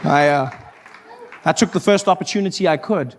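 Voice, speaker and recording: A man from South Africa with a South African accent, performing stand-up comedy with animated storytelling that slips into character voices. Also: a little high, moderate pace, background noise. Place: live comedy venue with audience.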